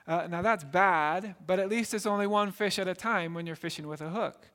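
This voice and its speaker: A man's voice: high voice, moderate pace, few pauses, pushed and bright. A man preaching a sermon earnestly, often checking in with "right?" and repeating words as he explains. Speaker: pastor. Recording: long reverb in a large hall.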